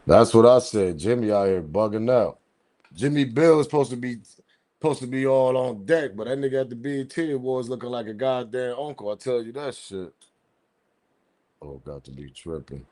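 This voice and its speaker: A man hosts a loose livestream, riffing on the chat in casual slangy talk. His mid-pitched voice leaps sharply upward whenever he acts out his own reactions, and he laughs often between remarks. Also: moderate pace. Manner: animated, laughing, slangy street talk, pitch jumps high when quoting himself. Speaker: livestream host reading chat.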